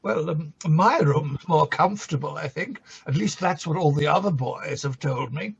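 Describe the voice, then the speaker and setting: An actor playing a tipsy, flirtatious bishop who fusses and quotes scripture. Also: male voice, a little high, moderate pace, vocal fry, breathy edge, full character voice. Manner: fussy, camp, quoting scripture. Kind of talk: comic stage play reading. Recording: dull lo-fi recording.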